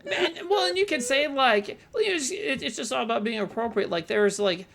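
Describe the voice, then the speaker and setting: Animated rambling man, podcast co-host. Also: extremely high pitch, fairly quick, gravelly. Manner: rambling, swearing, does funny quoted voices. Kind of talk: casual movie podcast chat.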